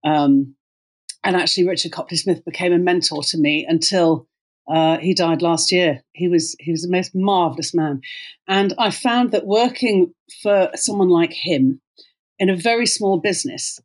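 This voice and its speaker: A middle-aged woman, a company co-founder, telling her career story in an interview in an animated way, with many fillers and restarts. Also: lowish voice, moderate pace. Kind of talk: conversational storytelling.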